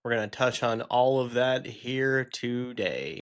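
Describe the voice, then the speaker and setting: A man's voice: mid-range voice, a little slow. A man co-hosting a podcast, chatting casually, laughing often and swearing freely. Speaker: podcast co-host.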